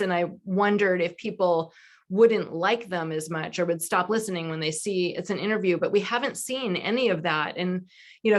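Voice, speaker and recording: A woman who hosts a podcast, answering questions in a video call discussion in an upbeat, chatty way with fillers. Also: fairly low pitch. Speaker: podcast host and author.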